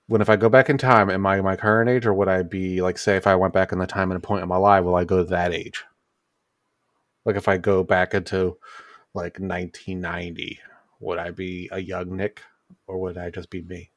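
A man's voice: low voice, normal speed, no room sound, studio quality. A man casually bantering on a podcast with friends, joking and swearing as he tells a story. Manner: joking, profane, animated storytelling. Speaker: podcast co-host.

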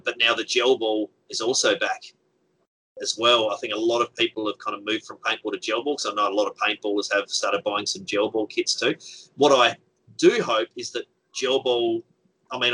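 Bright-voiced man rambling casually. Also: on the low side, rough recording. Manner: rambling, many fillers and restarts. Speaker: guest, game organizer. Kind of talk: casual chat.

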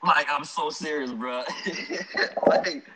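A young man casually telling an animated, slangy story about a night out, laughing often. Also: on the high side, takes it slowly. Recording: dull lo-fi sound.

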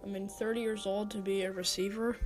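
A woman's voice: medium pitch, little pitch movement, fairly quick, faint music behind. A young woman hosting a casual sports talk segment, hesitant, with many fillers, restarts and stumbles. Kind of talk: casual sports commentary monologue.

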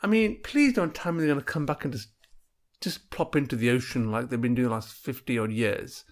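A man's voice: medium pitch, fairly quick. A man telling comic stories in a casual monologue, laughing at his own jokes and acting out little bits of dialogue.

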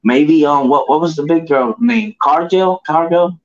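A man co-hosting a casual wrestling chat, rambling and slangy, filling every pause with "you know what I mean.". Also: fairly high pitch. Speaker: podcast co-host. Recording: dull lo-fi audio.

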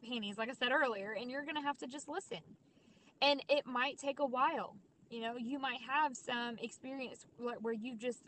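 A woman's voice: on the high side, fairly bright tone, slight background noise, poor audio. A woman hosting a podcast, talking casually to her listeners with lots of fillers and restarts. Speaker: podcast host.

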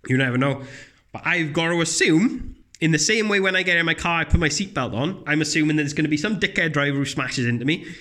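A man with a blunt, profane, animated manner, ranting in casual comedic chat, his voice jumping high when he mocks others. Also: fast.

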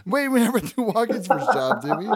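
A man's voice: sits high, sing-song, brisk, over a noisy crowd. A man hosting a casual podcast, swearing freely and joking with friends, laughing often. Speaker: podcast host.

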